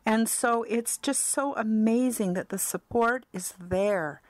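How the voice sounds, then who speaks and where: A woman's voice: on the high side, takes it slowly, no room sound. Earnest Canadian woman, dry close sound. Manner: earnest, heartfelt, repetitive phrasing. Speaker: spiritual counselor and vlogger. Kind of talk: personal testimonial talk.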